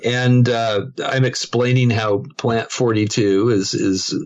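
A man's voice: mid-range voice, slow, dull audio. A man with an ordinary mid-range voice tells long stories in casual chat. He hesitates often, filling gaps with uh and restarting his sentences. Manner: relaxed storyteller, hesitant with many uhs.

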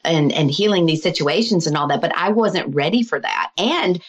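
A woman's voice: low-pitched, lively intonation, moderate pace, breathy edge, dull audio. A middle-aged woman, a healer and author, chatting casually as a guest, laughing often and acting out her own quotes. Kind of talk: casual podcast conversation.

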